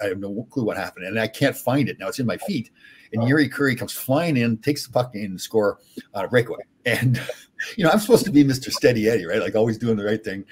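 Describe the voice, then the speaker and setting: An older man, a former hockey player, telling animated stories as a podcast guest with many restarts. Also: lowish voice, a little hiss or hum. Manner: animated, rambling anecdotes with frequent restarts. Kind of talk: casual storytelling.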